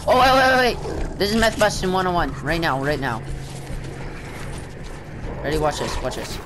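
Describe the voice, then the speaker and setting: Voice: medium pitch, big pitch swings, moderate pace. A gameplay video creator giving casual, rambling commentary and often trailing off unsure. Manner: rambling, unsure self-talk. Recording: loud background game noise.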